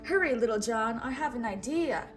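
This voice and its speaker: A woman's voice: a little high, animated, normal speed, over music, close to an everyday voice. A woman doing a bold, eager fox outlaw. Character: bold clever male fox outlaw hero.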